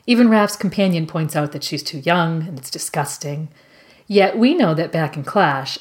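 Brief: low-pitched woman reading measured literary commentary. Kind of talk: reading prepared literary analysis.

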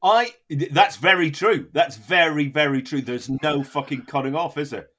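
A man's voice: fairly high pitch, moderate pace, bright, forceful tone. A man hosting a comedy podcast, talking in a sweary, mock-outraged joking way. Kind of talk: casual comedic chat.

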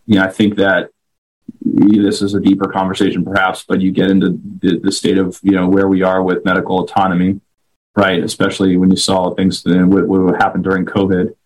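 Man, legal guest, very deep monotone voice, husky, halting speech. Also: poor audio. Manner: halting, many fillers and restarts, measured. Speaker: lawyer guest. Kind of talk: interview answers.

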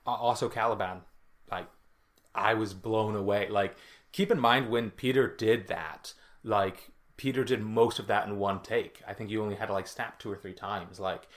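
A man's voice: on the low side, fairly even intonation, moderate pace, fairly bright tone. A man co-hosting a podcast, chatting casually with many fillers and restarts. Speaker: podcast co-host and writer. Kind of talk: casual chat.

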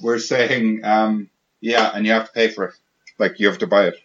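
A man hosts a casual podcast chat, dry and joking as he reads out the questions. His voice sits a little low, and the recording has a slightly dull, lo-fi quality. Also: steady tone, normal speed, a bit bright, a little hiss or hum. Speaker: podcast host. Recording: dull lo-fi sound.

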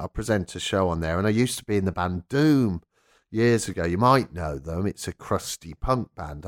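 A man with a lower voice tells a story in relaxed conversation. His pitch climbs and drops a lot as he acts out the people in it. He talks like a radio presenter chatting about his old punk days. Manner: animated anecdote-telling with quoted voices. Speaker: rock radio presenter and former punk singer. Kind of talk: casual storytelling interview.

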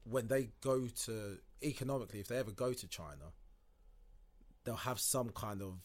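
Laid-back British man, fairly low voice. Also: moderate pace. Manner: relaxed, lots of fillers, acts out quoted exchanges. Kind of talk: casual discussion.

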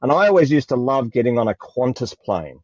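A man's voice: medium pitch, big pitch swings, a little fast, a little mellow, slightly rough, no echo, highs cut off. An Australian man talking emotionally in a spiritual conversation, often searching for words. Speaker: guest.

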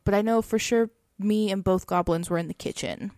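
A woman's voice: mid-range voice, fairly quick, no room sound. A woman on a podcast, telling a story in easy, chatty talk, often dropping in "like" and small laughs. Her voice sits in the middle and sounds dry and close to the mic. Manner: chatty, frequent "like" and soft laughs. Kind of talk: casual storytelling.

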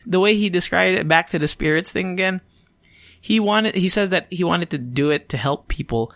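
A man's voice: sits high, normal speed, fairly bright tone, no echo. Sleepy man rambling on a podcast. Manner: rambling, swears freely, self-interrupting. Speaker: podcast host. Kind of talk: casual solo podcast chat.

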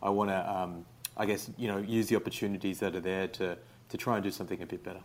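Rambling young Australian man, lowish voice. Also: fast talker. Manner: relaxed, rambling with many fillers. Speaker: guest, writer. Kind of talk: casual interview.

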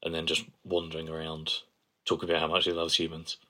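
Co-host, man, very low voice, playful and gushing. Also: completely flat delivery, quick pace, pushed and bright. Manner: playful, enthusiastic, gushes over quotes. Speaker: podcast co-host. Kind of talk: casual chat.

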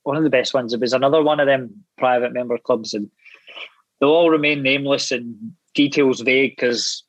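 A Scottish man in his thirties, an actor guest telling animated, sweary anecdotes with laughing asides in casual chat. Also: mid-range voice, brisk, no echo, rough recording. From Scotland.

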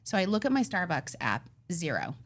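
A woman's voice: on the low side, normal speed. A middle-aged woman on a casual chat show, telling a story with lots of energy. She acts out every quote and swings her voice up and down as she goes. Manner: animated retelling, acting out quoted voices. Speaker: podcast co-host.

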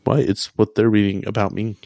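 A man's voice: fairly low pitch, level tone, fairly quick, creaky, mellow, dry recording. Young man chatting casually, dry sound. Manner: rambling, lots of "like" fillers. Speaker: podcast co-host. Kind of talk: casual chat.

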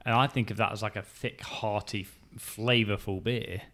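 A man's voice: on the low side, steady tone, normal speed, a bit bright. A man co-hosting a beer podcast, bantering in a laid-back, dry way. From England. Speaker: podcast co-host. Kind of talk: casual chat.

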